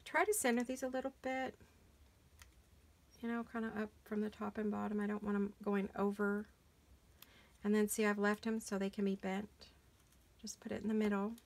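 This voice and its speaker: A middle-aged woman, hoarse today, chatting casually and rambling as she hosts a craft session in her home studio. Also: medium pitch, level tone, normal speed, pauses often. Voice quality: gravelly, froggy voice today. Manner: chatty, rambling, talks while working with hands. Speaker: crafting channel host. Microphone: camera mic while sitting back from a craft table.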